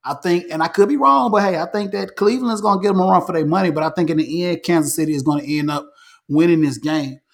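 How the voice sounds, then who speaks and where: A man hosting a casual sports talk show, animated, repeating himself and restarting phrases as he makes predictions. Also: fairly high pitch, fast, creaky. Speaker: podcast host.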